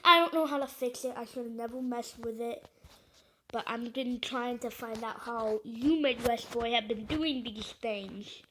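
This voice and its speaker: A woman's voice: a little high, unhurried, fairly bright tone, slight background noise, poor audio. A woman chatting casually over an election map, rambling and hesitant with lots of fillers and joking asides. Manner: joking, self-deprecating asides. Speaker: video creator.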